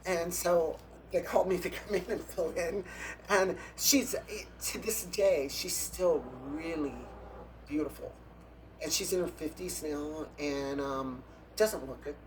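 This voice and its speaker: A man's voice: on the high side, measured pace, slight background noise. A man, a drag performer, telling catty backstage stories in a casual, gossipy interview, breaking into laughs and gasps.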